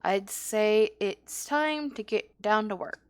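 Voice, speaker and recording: A woman's voice: mid-range voice, takes it slowly, close to an everyday voice. A woman voicing a sly male rogue guild master, reading his slang-heavy lines aloud. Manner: reads the lines aloud in rough old slang.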